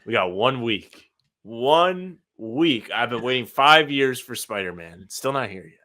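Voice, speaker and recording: A man's voice: mid-range voice, expressive, measured pace, pushed and bright. A man co-hosting a podcast in casual chat, telling rambling anecdotes. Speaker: podcast co-host.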